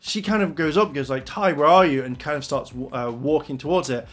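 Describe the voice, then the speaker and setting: A man giving a casual, animated spoken review, retelling scenes and acting out the characters' lines with frustration. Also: medium pitch, brisk. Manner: excitable, animated retelling with acted-out quotes. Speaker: anime reviewer.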